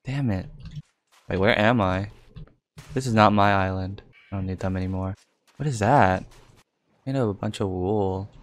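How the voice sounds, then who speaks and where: Swearing, fast-reacting young male gamer. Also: fairly low pitch. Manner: reactive, swears and exclaims often, thinks aloud. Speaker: gaming YouTuber. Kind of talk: live game commentary.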